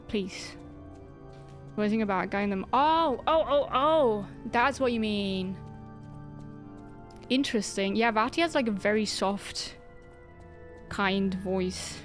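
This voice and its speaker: A woman streaming a game and chatting casually, joking and laughing often as she tires from playing on a dance pad. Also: mid-range voice. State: tired from exertion. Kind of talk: casual live-stream chat while gaming.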